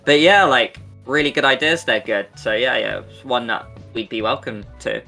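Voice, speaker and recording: A man's voice: mid-range voice, moderate pace, gravelly, pushed and bright, soft background music. A man co-hosting a podcast, chatty and enthusiastic, with casual swearing. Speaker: podcast co-host. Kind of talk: casual Q&A chat.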